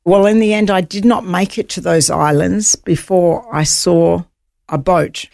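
Woman telling her survival story, gravelly voice. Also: on the low side, unhurried, dry recording, clean studio sound. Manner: animated, vivid retelling. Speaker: guest, author. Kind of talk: interview storytelling.

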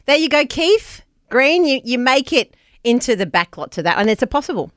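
A woman's voice: high voice, sing-song, moderate pace, a bit bright, no echo, clean studio sound. A woman co-hosting a radio show, chatting in a bubbly way and laughing often. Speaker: radio co-host. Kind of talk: casual radio chat.

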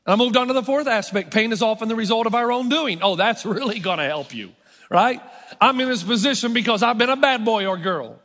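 A middle-aged male pastor delivers a sermon in a strikingly high voice. He keeps it conversational, poking fun at himself between points. The sound carries the long, ringing reverb of a church sanctuary. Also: quick pace, few pauses, a bit bright. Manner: conversational, self-mocking humor.

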